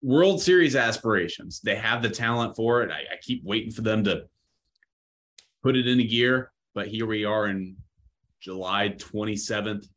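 A man's voice: fairly low pitch, moderate pace, fairly bright tone. A man co-hosting a casual sports talk show, teasing and conversational. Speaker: sports podcast co-host.

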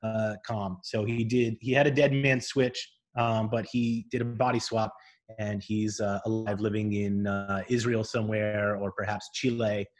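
A young man co-hosting a comedy podcast, speaking hesitantly with many fillers in a deadpan way. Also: on the low side, measured pace. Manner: hesitant, full of uhs, deadpan. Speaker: podcast co-host.

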